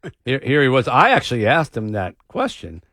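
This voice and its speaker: A man hosting a talk show, telling stories with a lively, swinging voice. He mimics the people he talks about. The sound is close and dry. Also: medium pitch, a little fast, dry recording. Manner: animated storytelling, mimics people he quotes. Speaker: radio talk show host. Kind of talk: casual chat.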